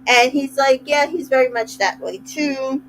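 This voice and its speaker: Slow-talking chatty woman recapping. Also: high-pitched, fairly bright tone, slight background noise, low-quality recording. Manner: chatty, retells scenes with quoted asides. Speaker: recap host. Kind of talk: casual recap chat.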